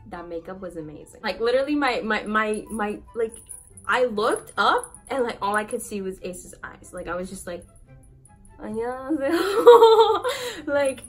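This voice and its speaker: Giggly high-voiced young woman vlogger. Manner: giggly, excitable, filler-heavy. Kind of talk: casual storytime chat.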